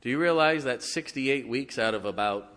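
A male pastor preaching a sermon in a folksy way, dropping to hushed tones and then rising to loud exclamations. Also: medium pitch, normal speed. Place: church sanctuary. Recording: long hall reverb.

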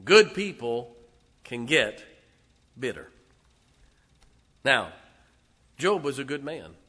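Bright-voiced male preacher telling a story. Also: medium pitch, big pitch swings, slow, slightly rough. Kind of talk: sermon retelling a Bible story.

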